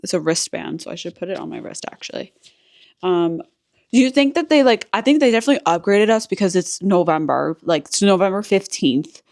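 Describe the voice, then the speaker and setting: In this walk-through vlog, a woman tours resort rooms indoors, chatting and letting out exclamations as she goes. Her medium-pitched voice is brisk, slightly mellow, and lively in intonation.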